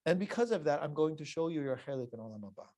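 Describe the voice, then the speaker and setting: A man playing God in a retold tale, gentle and patient, speaking as a kind elder would to a struggling man. The voice stays plain and unhurried. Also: a little high, expressive, lightly acted. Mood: kindly.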